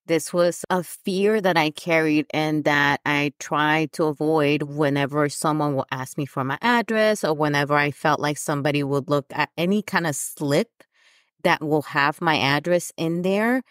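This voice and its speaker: Woman host, low voice, candid solo podcast talk, dry close recording. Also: moderate pace, dry recording. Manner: candid, laughs at herself, frequent fillers. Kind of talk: personal reflective podcast talk.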